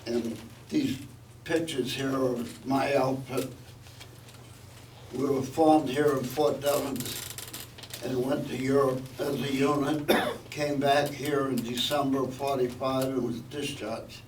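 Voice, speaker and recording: A man's voice: mid-range voice, fairly even intonation, slow, darkish tone. A man in his eighties giving a plainspoken, reminiscing speech as a veteran. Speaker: veteran speaker. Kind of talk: public speech. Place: museum event hall. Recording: echoey hall, distant mic, background noise.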